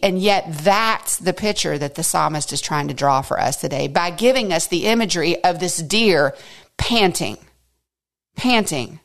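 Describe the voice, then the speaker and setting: A woman's voice: lowish voice, expressive, measured pace. Earnest woman teaching scripture. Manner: earnest, conversational, asks listeners direct questions. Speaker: podcast host teaching scripture. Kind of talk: devotional Bible teaching.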